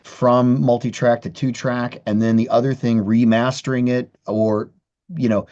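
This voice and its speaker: Man guest, candid and profane, mid-pitched, slightly dull lo-fi sound. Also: level tone, unhurried, a little mellow. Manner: candid, profane, many restarts. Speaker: guest guitarist. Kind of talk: casual conversational interview.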